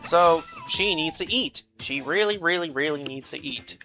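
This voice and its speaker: Woman streamer venting while gaming, bright sharp voice, kinda low, swears a lot. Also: wildly swooping pitch, normal speed, soft background music. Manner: exasperated ranting storyteller, swears freely. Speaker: game streamer. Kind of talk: casual chat while gaming.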